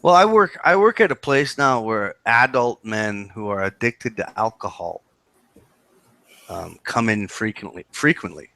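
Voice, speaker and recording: A man's voice: fairly low pitch, lively intonation, unhurried, sharp tone, no room sound, poor audio. A man on a video call in a heated casual live chat, emphatic, repeating himself and swearing.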